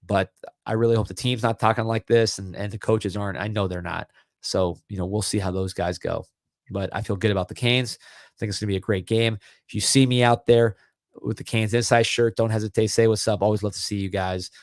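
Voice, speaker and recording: A man's voice: on the low side, no room sound, clean studio sound. A middle-aged man hosting a live sports podcast. He chats casually and repeats words as he gathers his thoughts. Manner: relaxed, chatty, repeats words while thinking. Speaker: podcast host.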